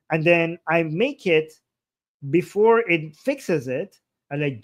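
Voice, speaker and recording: A man hosting a livestream, explaining his method in a blunt, animated, casual way and swearing freely. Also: on the high side, slow pace. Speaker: livestream host.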